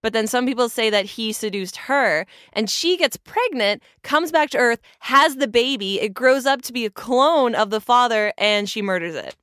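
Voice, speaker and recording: A woman's voice: fairly high pitch, lively intonation, normal speed, few pauses, a bit bright, no room sound, studio quality. A woman hosting a casual podcast, explaining facts at length with small fillers and restarts. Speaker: podcast host presenting comic history.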